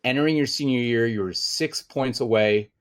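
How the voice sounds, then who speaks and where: A man's voice: mid-range voice, moderate pace. A man hosting a formal award interview, speaking with a polished, announcer-like delivery. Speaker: interviewer, university communications director.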